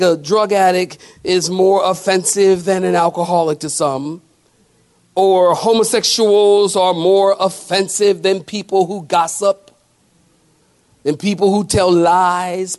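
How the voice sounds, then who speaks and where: Folksy high-voiced preacher man. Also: darkish tone. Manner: folksy, conversational preaching with call-and-response asides; shifts between slow emphatic scripture lines and quick joking asides. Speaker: pastor. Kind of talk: sermon.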